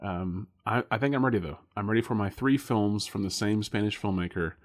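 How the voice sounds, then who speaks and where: A man's voice: lowish voice, a little fast. A man co-hosting a casual podcast chat, laughing often and rambling with lots of fillers. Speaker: podcast co-host.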